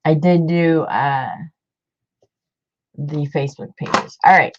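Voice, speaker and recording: A woman's voice: sits low, fairly even intonation, slow pace, darkish tone. Chatty woman on a dull lo-fi mic. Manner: chatty, rambling, with many fillers and restarts. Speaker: craft channel host. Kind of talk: casual chat to viewers.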